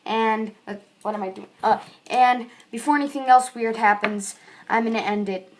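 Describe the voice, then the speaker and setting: A woman's voice: fairly high pitch, steady tone, moderate pace, slight background noise. Chatty, rambling female book reviewer. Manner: rambling, chatty, many fillers. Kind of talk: casual video review.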